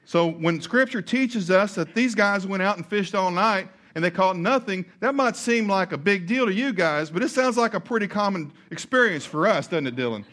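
A man's voice: high-pitched, expressive, normal speed, a bit bright. A man preaching a sermon, retelling a Bible story with jokes and asides to the congregation. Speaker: pastor.

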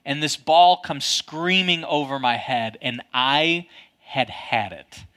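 A man preaching a sermon, telling a personal story with a loud, booming voice. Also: slow. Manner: storytelling, dramatic, self-mocking. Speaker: pastor.

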